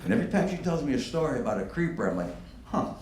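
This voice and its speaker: A man in his fifties doing a stand-up comedy set, with a profane, animated, punchy delivery. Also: a little high, rapid-fire. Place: comedy venue on stage. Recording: echoey room with background noise.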